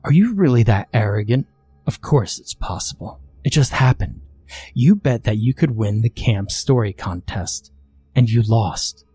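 A man voicing a calm, smug young male conjurer who mocks patiently. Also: on the low side, measured pace, slightly rough, full character voice.

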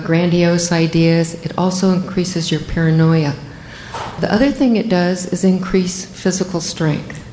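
Older woman, physician, storytelling, measured and deliberate, slight hiss. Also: on the low side, mellow, roomy sound, poor audio. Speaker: physician telling a personal story. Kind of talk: first-person storytelling.

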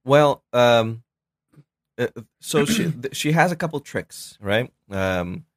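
A man's voice: mid-range voice, lively intonation, slow, no room sound, studio quality. A middle-aged man, a filmmaker guest, telling stories in casual chat, rambling with many fillers and restarts.

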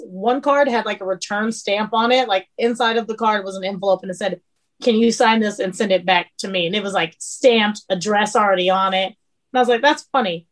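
A woman chef chatting on a podcast, animated, acting out the people in her stories. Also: on the high side. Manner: animated storyteller, acts out quotes. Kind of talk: casual chat.

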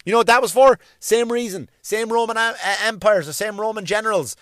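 A man doing a profane comic rant, swearing constantly and mimicking people in quick bits. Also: high-pitched, a bit bright, no echo, clean studio sound. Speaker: comedian.

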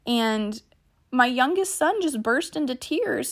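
A woman's voice: high-pitched, moderate pace. A middle-aged woman hosting a solo podcast, talking in a chatty, earnest way and sharing stories about her family. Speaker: podcast host. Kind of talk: casual solo podcast talk.

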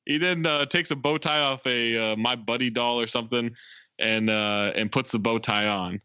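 A man's voice: medium pitch, fairly even intonation, normal speed, sharp tone, clean tone, no room sound, highs cut off. A man co-hosting a podcast, recapping a film's plot in casual chat and quoting its lines. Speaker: podcast co-host.

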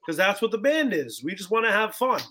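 A man in his twenties, a guest musician in a casual podcast chat, talking excitably and filling his speech with "bro" and "like". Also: high voice, a little fast. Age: 20s.

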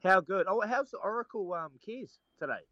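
A man with a high-sitting voice co-hosts a casual sports chat, speaking at a normal pace on a dry recording with the highs cut off. A former rugby player joining remotely while on holiday, he tells stories in an animated way and laughs a lot.

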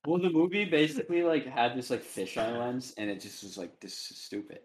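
A young man from New England in casual chat, rambling and animated, full of fillers. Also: mid-range voice, a little fast.

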